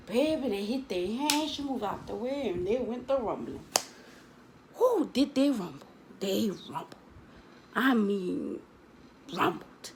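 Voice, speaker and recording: A woman's voice: medium pitch, lively intonation, takes it slowly, long pauses, a little hiss or hum, rough recording. A woman telling a story from her school days to her viewers in a chatty, dramatic way, calling them girl and baby. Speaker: storytime vlogger.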